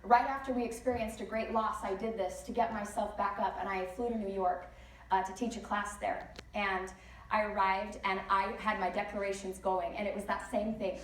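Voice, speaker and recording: A woman speaker giving a lively motivational talk at a conference, telling stories with many chatty asides. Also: medium pitch, a little fast. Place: large conference hall. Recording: echoey hall, distant mic, faint noise.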